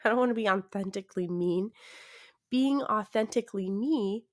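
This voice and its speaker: A woman's voice: mid-range voice, normal speed. A tired young woman hosting her own podcast in casual chat, awkward and self-deprecating, laughing often and trailing off into fillers. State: tired, yawning. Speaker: podcast host.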